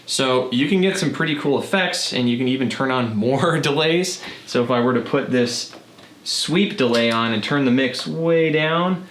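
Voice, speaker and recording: A man hosting his own music gear channel, walking through a guitar pedal demo in a relaxed, chatty way with some fillers. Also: medium pitch, normal speed, echoey room, a little hiss or hum. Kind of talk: casual gear demo walkthrough. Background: guitar effects playing between lines.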